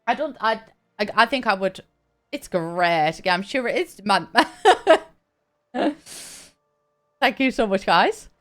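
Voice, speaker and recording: A young woman chatting and laughing while she streams a game, talking in halting bursts with frequent restarts. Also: medium pitch, animated, fairly bright tone. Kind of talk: casual live-stream chat while gaming.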